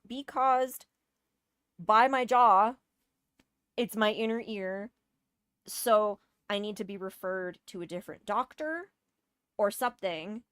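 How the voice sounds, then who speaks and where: A woman's voice: medium pitch, a bit bright, smooth, no room sound, studio quality. A woman telling a personal story in a casual, exasperated rant, swearing often and hitting key words hard. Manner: exasperated, profane, emphatic.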